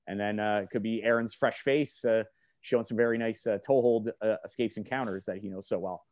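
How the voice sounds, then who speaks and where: A man's voice: lowish voice, fairly even intonation, fast, a little mellow, no room sound. A man co-hosting a casual podcast, rambling and joking with frequent "like"s. His voice sits close and dry, with no room sound around it. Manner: joking, rambling, many fillers.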